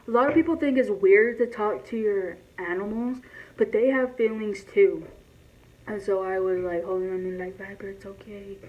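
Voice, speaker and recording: A woman vlogging in a casual, rambling way, speaking loudly and filling her talk with "like" and restarts. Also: mid-range voice, normal speed. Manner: talks loud. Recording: dull lo-fi sound with faint hiss.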